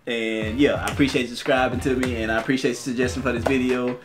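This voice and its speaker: A young man hosting a reaction video, chatting to viewers in a relaxed, rambling way with fillers. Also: medium pitch, fast. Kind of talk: casual chat to viewers.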